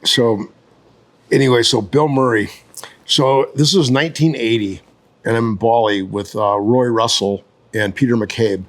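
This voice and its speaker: A man in his sixties spins an old story at an easy, casual pace, often stopping mid-sentence to restart or add a side note. His voice sits at an ordinary middle pitch. He sounds loose and unhurried. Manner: rambling, lots of fillers and restarts. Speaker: surf photographer guest.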